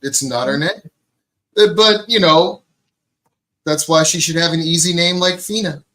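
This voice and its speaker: Bright-voiced joking male co-host. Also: a little high, normal speed, poor audio. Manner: joking, laughs often. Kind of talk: casual chat.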